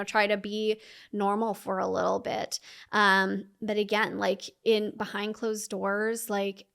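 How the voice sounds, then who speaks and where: A young woman telling her personal story as a podcast guest, talking fast with many fillers and acting out her past self's inner voice. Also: mid-range voice, a bit bright.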